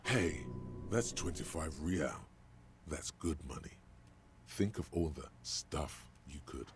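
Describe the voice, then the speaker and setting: A man's voice: a bass voice, lively intonation, slow, heavily acted. A man voicing the dramatic, mocking inner voice of a game's hero. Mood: wry. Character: ominous deep male inner voice of the mind. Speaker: game narrator. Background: game music.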